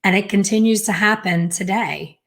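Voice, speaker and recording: A middle-aged woman telling a personal story as a hair color educator, lively and acting out the dialogue she quotes. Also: mid-range voice, moderate pace.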